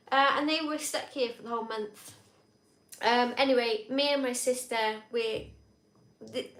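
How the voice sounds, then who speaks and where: Woman co-host, fairly high voice, rambling casual stream chat, roomy echo. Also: creaky, a bit bright. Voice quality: chatty, rambling, laughs easily. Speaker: co-host of a live drinking stream. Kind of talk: casual live-stream chat reading viewer comments. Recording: echoey room.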